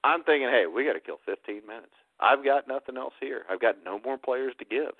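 A man's voice: mid-range voice, brisk, no echo. A man co-hosting a sports talk podcast, rambling and playing up mock self-pity as he banters with his friends. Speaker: podcast co-host. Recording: tinny phone-like dry line.

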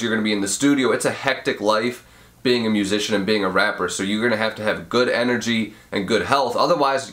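Young male podcast host, sick and nasal, slightly low voice, laid-back mumbly delivery. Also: fairly bright tone. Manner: mumbly, can't fully open mouth. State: sick with a cold, sniffling, nasal. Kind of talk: casual advice podcast.

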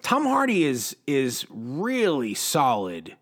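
A man's voice: medium pitch, huge pitch swings, takes it slowly, a bit bright. A man co-hosting a casual movie chat, with dry, sarcastic remarks. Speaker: podcast co-host.

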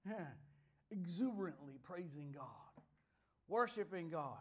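High-voiced preacher man, chatty to exuberant. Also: expressive, normal speed. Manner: chatty and storytelling, rising to loud exuberant preaching. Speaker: pastor. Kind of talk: sermon.

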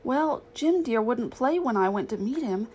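A woman voicing a gentle young female dog from a storybook, soft and sorrowful. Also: fairly high pitch, expressive, normal speed, slightly rough, pitched above the performer's own voice. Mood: sad, pleading.

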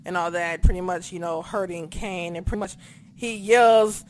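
A podcast co-host in a casual recap chat, who talks excitably, swears a lot and acts out their own reactions. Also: mid-range voice, moderate pace.

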